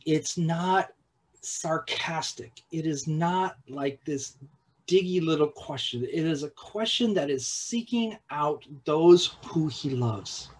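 A man preaching a sermon in a halting way, with repeated words and restarts, at times dropping to a hushed, slow voice for emphasis. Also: a little high, slightly rough, low-quality recording. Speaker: pastor.

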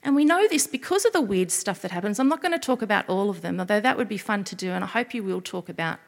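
A woman giving an expressive children's sermon as a preacher, often asking her listeners questions. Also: medium pitch, fast talker, creaky, in a large hall.

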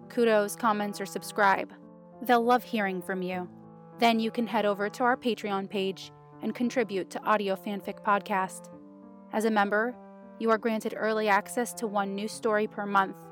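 A woman reading fan fiction aloud for a podcast in a measured, unhurried way. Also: mid-range voice, fairly even intonation, soft background music. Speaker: podcast reader.

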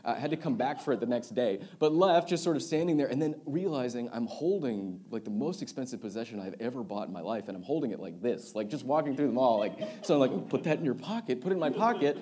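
A young man, a youth pastor, preaching a sermon built around a personal story, swinging from loud excited retelling to quiet earnest reflection. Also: medium pitch, quick pace, hardly any pauses, a little hiss or hum.

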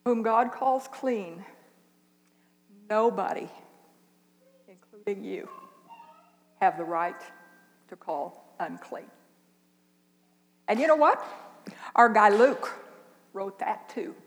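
An older woman preaching a sermon, speaking slowly and earnestly with long pauses. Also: medium pitch, expressive, big-room sound. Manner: slow, earnest, with dramatic pauses. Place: church.

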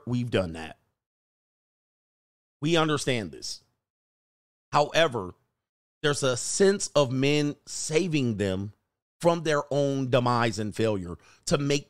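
A man hosting a casual commentary rant, telling stories in an animated way and acting out the voices of the people in them. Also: medium pitch. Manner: animated storytelling, acts out voices, laughs often. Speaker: host.

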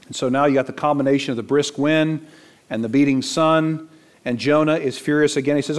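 A middle-aged man preaches to his congregation. His voice sits a little high and rises sharply as he drives home each point, then drops low and quiet for reflection. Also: a little fast. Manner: animated preaching, voice climbing for emphasis. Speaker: pastor. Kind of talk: sermon.

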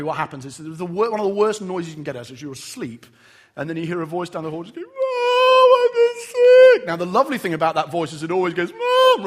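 A man preaching a sermon to a congregation, telling stories about his own family in an animated, humorous, self-deprecating way. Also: on the high side, husky. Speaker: pastor.

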